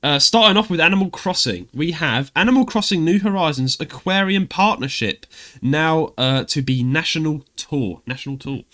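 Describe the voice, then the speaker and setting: A man's voice: a little high, normal speed. A man with a Cockney accent co-hosting a podcast, chatting casually, ranting and reading gaming news with frequent laughs. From United Kingdom. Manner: lively, ranting, laughs often. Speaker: podcast co-host.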